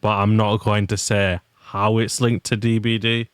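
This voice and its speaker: A man's voice: on the low side, level tone, normal speed, clear, resonant tone, dry recording. A young man giving chatty, rambling, self-deprecating commentary while he streams a game. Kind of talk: casual gameplay commentary.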